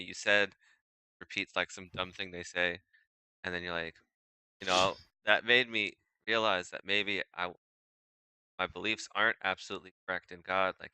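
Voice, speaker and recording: A man's voice: low-pitched, fairly quick, clean tone, no echo, poor audio. A man chatting casually and animatedly with friends on a group voice call. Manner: animated, laughing banter.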